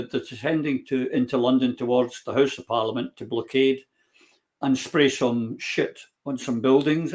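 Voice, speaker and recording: A man's voice: mid-range voice, a little mellow. A man with a mid-range voice leads a political talk show. He is blunt and mocking, tripping over words and restarting as he goes. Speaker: panel host. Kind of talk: political discussion.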